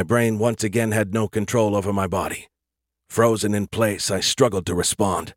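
A man narrating a first-person science fiction audiobook in a steady, earnest storytelling voice. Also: fairly low pitch, moderate pace, no echo, studio quality.

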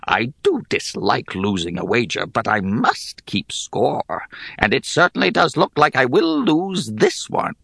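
A man's voice: mid-range voice, very animated, unhurried, vocal fry, pushed and bright, breathy edge, dry recording, studio quality, pitched above the performer's own voice, full character voice. A man voicing an ancient bald hag who gambles on everything, talking in a lazy, sly drawl.

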